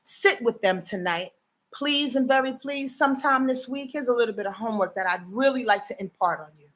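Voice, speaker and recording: Woman astrologer, live-stream host. Higher voice, punchy, profane, sermon-like asides to her viewers. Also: fairly quick, fairly bright tone. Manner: emphatic, profane and preachy, often asks the audience to confirm. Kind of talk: casual live-stream talk.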